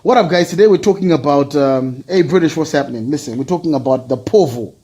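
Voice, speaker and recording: A man from Zimbabwe with a raspy voice, co-hosting a casual chat show and playfully shouting out listeners by name. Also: fairly high pitch, fast. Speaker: podcast co-host.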